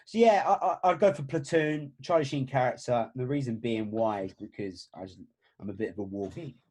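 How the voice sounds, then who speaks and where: A man from England co-hosting a casual podcast, animated and jokey. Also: mid-range voice. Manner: animated, jokey, quick to laugh. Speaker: podcast co-host. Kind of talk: casual chat.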